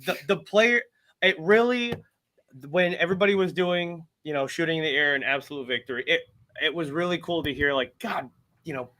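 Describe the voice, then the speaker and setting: A man's voice: on the high side, brisk, a bit bright. A man speaking enthusiastically in casual panel chat.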